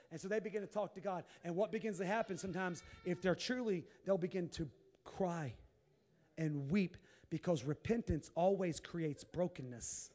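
A high-pitched man delivering a sermon. He drops to quiet, confiding asides, then rises into loud, emphatic calls. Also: normal speed. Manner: preaching with sudden shouted bursts and quiet asides. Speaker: pastor.

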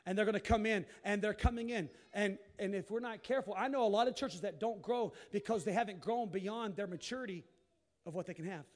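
A man preaching a sermon, swinging from quiet asides to sudden shouted bursts. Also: high-pitched, brisk. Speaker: pastor.

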